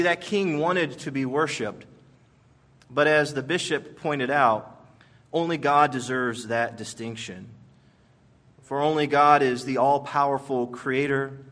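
A man as pastor, delivering a sermon in an emphatic storytelling manner with measured pauses. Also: medium pitch, fairly bright tone.

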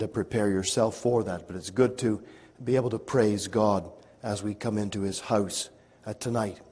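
Hoarse raspy pastor guy, halting with lots of uhs, big church reverb trailing after him. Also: mid-range voice, darkish tone. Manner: slow, halting with many fillers, rising to a declaiming reading voice. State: hoarse from a cold. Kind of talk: church service announcements and scripture reading. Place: church sanctuary.

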